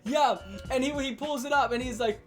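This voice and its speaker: A man in his late twenties telling a childhood story in a casual vlog rant, animated and profane, laughing and full of slang. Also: extremely high pitch, fairly quick, faint music behind. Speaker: vlogger ranting about his childhood.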